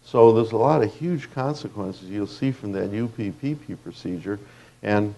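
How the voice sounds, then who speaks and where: A man lectures on anatomy in a low, darkly mellow voice with a gravelly edge. He talks loosely and conversationally, breaking off into stories with fillers and restarts. It sounds like a teacher speaking to a room of students. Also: moderate pace. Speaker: dental lecturer.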